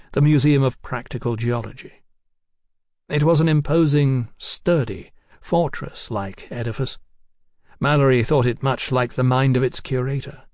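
Reading a novel aloud as scripted narration, this audiobook narrator keeps a steady, measured pace in a medium pitch, mid-range for a male voice. The recording is close and completely dry, with no room sound.

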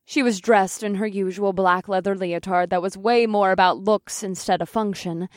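A woman's voice: mid-range voice, dry recording, studio quality. A woman narrating a first-person fiction audiobook in a casual, wry storytelling manner.

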